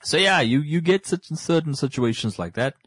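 A man's voice: fairly high pitch, expressive, moderate pace, a bit bright, breathy edge, no echo. A man hosting a podcast, talking casually about books in a rambling way, often restarting and repeating words. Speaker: podcast host.

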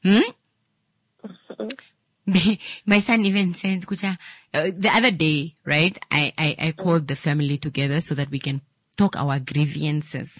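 A woman chatting casually, animated and laughing often as she mimics her children shouting. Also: low-pitched, unhurried, no echo. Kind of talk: casual chat.

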